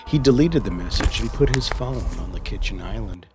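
A man narrating a scripted horror story, slow and measured, often dropping to a hushed whisper. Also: fairly low pitch, animated. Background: music.

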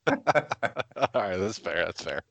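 A man's voice: fairly low pitch, very animated, takes it slowly, gravelly, a bit bright, no echo. A man co-hosting a movie podcast, trading playful jokes with the others. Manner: joking, playful banter. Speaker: podcast co-host. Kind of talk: casual podcast chat.

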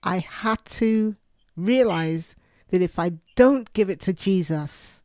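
A woman's voice: medium pitch, slow, a little mellow, no echo, studio quality. A woman co-hosting a Christian podcast, earnestly telling personal stories and quoting her own prayers. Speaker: podcast co-host.

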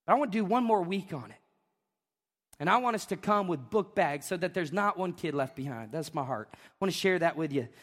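A man preaching a fervent sermon as pastor, moving between shouted peaks and chatty asides. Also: sits high, animated, a little fast, big-room sound. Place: church sanctuary.

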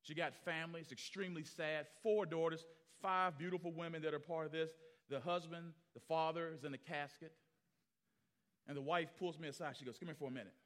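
Pastor guy preaching, acts out the people in his stories, gets loud then goes quiet. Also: fairly high pitch, brisk. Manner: animated, acts out quotes, swings from loud to hushed. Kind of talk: sermon storytelling.

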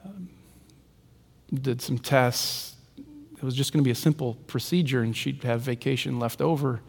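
A male pastor preaching a sermon with rhythmic repetition, swinging between soaring lines and hushed ones. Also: mid-range voice, normal speed, gravelly. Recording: long reverb of a large hall.

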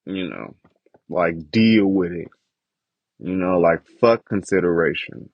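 A young podcast host with a low voice rants slowly about his family, frustrated and swearing heavily in a casual monologue. The recording is dull, lo-fi, and dry, with no room sound.

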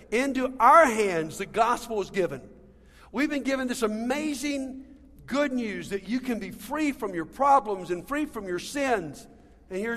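A man's voice: sits high, fairly bright tone. A pastor preaching a sermon to his congregation, talking to them directly and calling them friends and guys. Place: church sanctuary. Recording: long reverb of a large hall.

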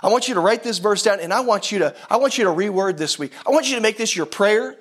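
A man's voice: sits high, animated, fast talker, a bit bright, breathy edge. A man preaching a sermon to a congregation in a conversational way, with frequent restarts and rhetorical questions. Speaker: pastor.

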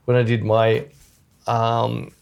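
Man, mid pitch, gravelly fry, blunt storyteller. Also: completely flat delivery, takes it slowly, a little mellow, dull audio. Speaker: photographer and host. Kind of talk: casual podcast chat.

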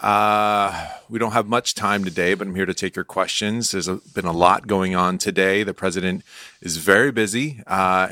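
A man's voice: low-pitched, sharp tone, dry recording, clean studio sound. A man playing a press secretary in an improv comedy scene, hesitating with many fillers. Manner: hesitant, full of uh and um. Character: male press secretary fielding questions.

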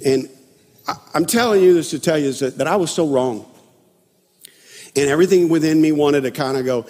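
Husky high-voiced preacher, long hall reverb. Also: male voice, fairly quick, long pauses, a little mellow. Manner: storytelling, self-deprecating, conversational. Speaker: pastor. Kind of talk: sermon.

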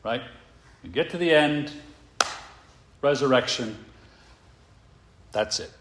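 A male pastor preaching a sermon, emphatic and full of rhetorical questions, slowing down to stress his points. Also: mid-range voice, roomy sound, noisy background.

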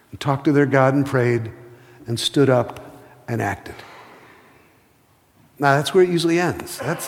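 A man preaching a sermon, telling stories with passion and slowing to a hush for emphasis. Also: mid-range voice, creaky, in a large hall. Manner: impassioned storytelling, slows to a hush for emphasis. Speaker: pastor.

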